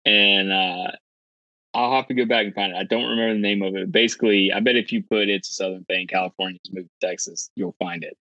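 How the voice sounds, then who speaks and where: Male podcast co-host, low voice, dull lo-fi sound, easygoing casual talk. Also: fairly even intonation, fast, sharp tone, dry recording. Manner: easygoing, trails off with "uh". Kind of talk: casual chat. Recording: dull, dry close mic.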